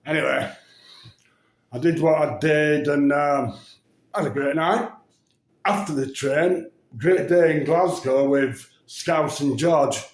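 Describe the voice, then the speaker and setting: A man spins a loose, meandering story, pausing on ums and dropping swear words as he goes. His voice sits a little high for a man and he takes his time. The sound bounces around an echoey room. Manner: rambling, full of ums and swearing, laughs at his own stories. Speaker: vlogger. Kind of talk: casual anecdote storytelling.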